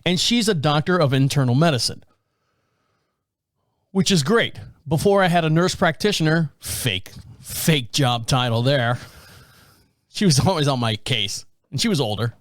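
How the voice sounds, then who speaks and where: Telling a casual story on his podcast, the host speaks at a normal speed with a fairly high pitch, staying animated, laughing often, and putting on the voices of the people he quotes. It's studio quality, with no room sound.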